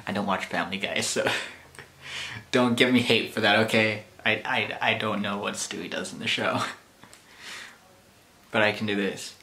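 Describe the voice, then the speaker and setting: A man's voice: fairly low pitch, fairly even intonation, a little slow, creaky, pauses often, bright, forceful tone. A young man hosting his own vlog, nervous and giggly, apologizing for his impressions. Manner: nervous, giggly, self-deprecating. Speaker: channel host. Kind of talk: casual vlog.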